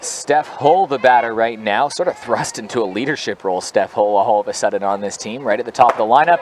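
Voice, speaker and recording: A man calls live softball play-by-play in a chatty, upbeat way, trading jokes with his co-hosts. His voice sits at an ordinary mid pitch. Faint outdoor ambience hums behind him. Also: brisk, noisy background. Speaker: play-by-play commentator. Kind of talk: live sports commentary.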